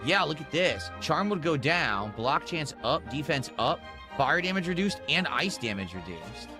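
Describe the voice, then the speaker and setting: Man with a lively high-pitched voice over game music. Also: normal speed. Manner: slips into a mock French accent for characters. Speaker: streamer playing a video game. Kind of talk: casual gameplay commentary.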